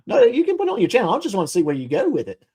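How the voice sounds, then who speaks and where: Male stream host, casual banter, animated pitch, lots of "uh" restarts. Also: breathy edge. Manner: animated, jokey, many fillers and restarts. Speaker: livestream host. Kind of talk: casual chat.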